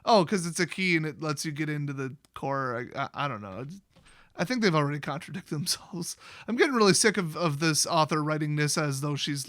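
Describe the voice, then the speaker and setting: A man's voice: on the high side, sharp tone, no room sound, clean studio sound. A young man giving a sarcastic, rambling comedic recap of a fantasy story, swearing casually as he goes. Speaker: YouTube lore host.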